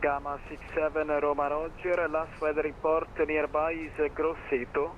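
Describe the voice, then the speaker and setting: A man working as an air traffic controller, reading routine clearances in radio phraseology. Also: on the high side, little pitch movement, moderate pace. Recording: tinny radio transmission.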